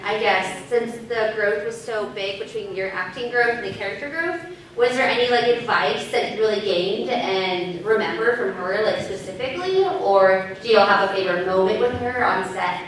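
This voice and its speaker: A woman's voice: medium pitch, moderate pace, a little hiss or hum. A woman fan asks the guest a question, eager and a little rambling. She sounds far from the mic, and the big hall adds heavy echo. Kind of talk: audience Q&A question. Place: large convention hall. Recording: very echoey hall, distant mic.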